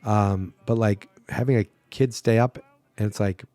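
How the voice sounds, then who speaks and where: A man's voice: lowish voice, fairly even intonation, a little slow, mellow, dry recording. A man hosting a podcast, casually recapping a movie plot with sarcastic asides. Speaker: podcast host.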